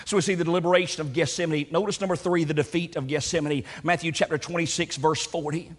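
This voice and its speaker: Male preacher with a high voice, passionate sermon delivery, climbs to near shouts, stretches key words. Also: steady tone. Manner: impassioned, rising to near shouts when voicing Jesus' prayer; slows down for emphasis, repeats words.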